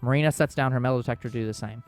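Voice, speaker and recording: Fast-reading man narrating a visual novel. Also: medium pitch, faint music behind. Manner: quick, steady storybook reading with small slips. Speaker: let's play host reading the story.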